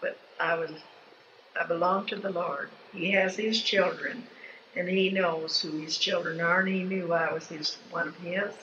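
A woman's voice: lowish voice, fairly even intonation, a little slow, noisy background. An older woman recalling family memories in a meandering, folksy way, often restarting her sentences. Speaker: interviewee telling family memories. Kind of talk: rambling oral history storytelling. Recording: dull lo-fi home tape with faint ambience.

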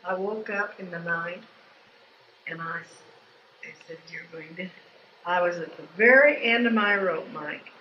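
A woman's voice: fairly low pitch, measured pace, long pauses, slight background noise. An older woman recalling family memories in a meandering, folksy way, often restarting her sentences. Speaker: interviewee telling family memories. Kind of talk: rambling oral history storytelling. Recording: dull lo-fi home tape with faint ambience.

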